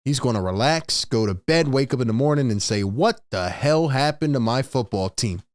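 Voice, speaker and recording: A man's voice: mid-range voice, animated, normal speed, no room sound. Dry-voiced ranting sports streamer, a man. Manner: exasperated, ranting. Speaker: sports talk host. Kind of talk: live-stream commentary.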